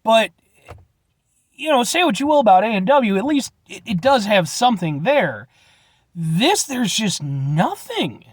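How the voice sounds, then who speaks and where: A man's voice: high voice, big pitch swings, measured pace, dry recording. A young man from Illinois giving a casual, blunt review with rambling restarts and casual swearing. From Illinois, USA. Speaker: vlogger reviewing root beer.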